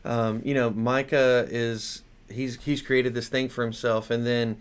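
A man co-hosting a casual Bible study talk, agreeable and quick with short affirmations. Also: medium pitch, little pitch movement, smooth. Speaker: podcast co-host.

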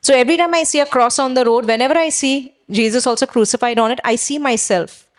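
Woman, pastor, sermon, exhorting, call-and-response, higher pitch. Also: fast.

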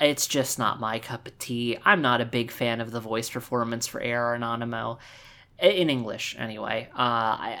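A podcast co-host in a loose, casual chat, giving opinions in a rambling way. Thoughts come out in stops and restarts, often circling back to repeat a point. The voice sits at a middle pitch. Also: a bit bright. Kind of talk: casual chat about game voice acting.

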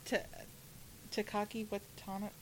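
A woman's voice: mid-range voice, flat delivery, unhurried, a little hiss or hum, low-quality recording. A young woman with a slight lisp, co-hosting a casual podcast chat and talking with lots of "like" fillers. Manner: chatty, many "like" fillers, laughs often. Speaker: podcast co-host.

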